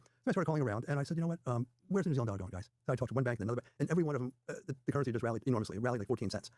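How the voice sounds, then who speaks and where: A man as the guest trader in an interview, telling stories quickly and quoting other people's dialogue as he goes. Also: mid-range voice, animated, darkish tone, no room sound, studio quality. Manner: rapid anecdotal retelling with quoted dialogue. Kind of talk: interview storytelling.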